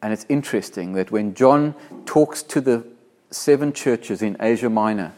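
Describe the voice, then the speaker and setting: A man from Africa who is a pastor preaching a sermon. He is earnest and emphatic, slowing down and growing louder when he quotes scripture. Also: on the low side.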